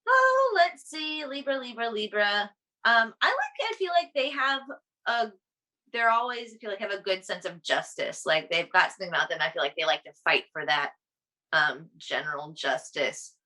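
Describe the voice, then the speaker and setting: A young woman co-hosting a podcast, chatting casually about astrology in a bubbly, animated way. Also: mid-range voice, normal speed. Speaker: podcast co-host.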